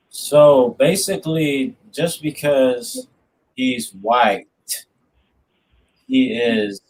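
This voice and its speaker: A man's voice: medium pitch, low-quality recording. A man moderating a casual debate, asking leading questions and drawing out his words.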